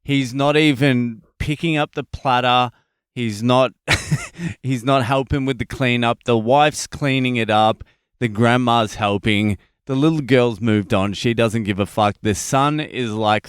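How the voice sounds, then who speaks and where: Profane, animated Australian storyteller. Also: male voice, medium pitch, unhurried, clean tone, no room sound, clean studio sound. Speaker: podcast host, comedian. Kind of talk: casual comedic storytelling monologue.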